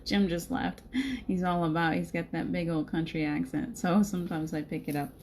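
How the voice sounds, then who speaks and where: A middle-aged woman with a faint Southern American accent chats warmly to her live-stream viewers, greeting them one by one. Her voice is mellow and fairly low, and soft ambient noise hangs behind her. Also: little pitch movement, normal speed. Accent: slight Southern American. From Southern United States. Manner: chatty, greets viewers by name, laughs often. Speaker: spiritual live-stream host. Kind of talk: casual live-stream chat.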